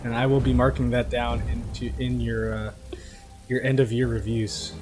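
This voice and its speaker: A man's voice: medium pitch, flat delivery, moderate pace. A playful man streaming a game. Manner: playful, teasing his chat. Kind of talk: live-streamed gameplay chat. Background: game music and rain.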